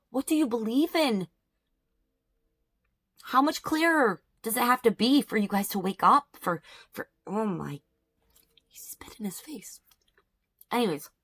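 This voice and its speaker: Lady in her 30s ranting on her vlog, worked up, says stuff over and over, voice on the low side. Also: a bit bright. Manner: outraged and emphatic, repeats herself. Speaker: beauty vlogger. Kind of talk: emotional storytime rant during makeup routine.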